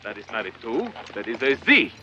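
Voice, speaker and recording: An actor playing a proud, commanding masked hero in an old film clip. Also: male voice, mid-range voice, sing-song, a little fast, bright, forceful tone, muffled recording, slight background noise. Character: bold masked hero, sure of himself.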